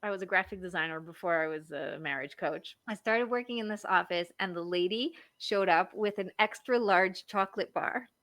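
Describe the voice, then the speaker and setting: Bright-voiced woman in her 30s on a podcast, rambly storytelling, lots of likes, dry close mic. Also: fairly low pitch, moderate pace, few pauses, no echo. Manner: chatty storyteller, lots of likes and you-knows. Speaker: marriage coach. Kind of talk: casual podcast chat.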